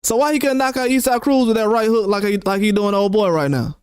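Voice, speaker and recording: High-voiced man ranting about boxing. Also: fast talker, clear, resonant tone, no room sound, studio quality. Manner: animated, mocking, quotes critics sarcastically. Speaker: boxing channel host. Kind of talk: opinionated commentary rant.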